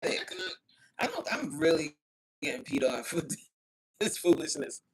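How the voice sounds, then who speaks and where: A woman talks to her viewers over a phone livestream from home, her voice lower than most and swinging widely in pitch. She reads comments aloud and grumbles about the stream cutting out, in a loose, chatty way. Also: sing-song, normal speed, husky. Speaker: livestream host reading chat. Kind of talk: casual livestream chat.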